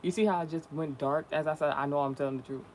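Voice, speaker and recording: A young man talks straight to his viewers in a loose, rambling vlog manner. He peppers his slangy talk with swearing and runs on from one thought to the next. His voice sits a bit high, with a faint hiss behind it. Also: fairly even intonation, fast, darkish tone. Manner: profane, slangy, chatty and rambling. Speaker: spiritual content creator.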